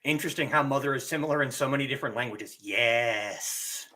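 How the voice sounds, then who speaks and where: A man giving a live-streamed lesson, explaining slowly and deliberately and drawing out his spoken examples. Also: medium pitch, pushed and bright. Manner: reads viewer comments aloud. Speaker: teacher and streamer.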